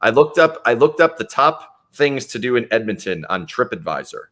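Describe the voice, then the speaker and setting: A man's voice: medium pitch, very animated, moderate pace, a bit bright. A man hosting a sports podcast, reading sponsors and signing off with wry, joking asides. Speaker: podcast host. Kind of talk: casual show sign-off.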